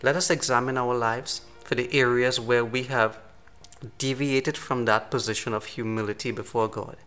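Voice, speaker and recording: A man's voice: medium pitch, steady tone, a bit bright, smooth. Male preacher, earnest sermon delivery, faint music underneath. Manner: earnest, slows down for emphasis.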